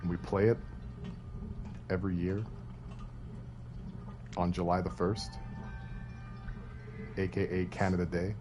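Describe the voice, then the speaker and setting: A man's voice: deep voice, level tone, slow pace, pauses often, over music. A man streaming a horror video game, chatting casually with his viewers, playfully boastful and laughing often. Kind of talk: casual live-stream commentary.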